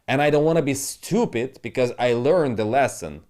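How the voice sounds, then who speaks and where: A man's voice: mid-range voice, normal speed, a little mellow. A man talking casually through crypto charts as a trading analyst, rambling and muttering to himself in non-native English, with the odd swear.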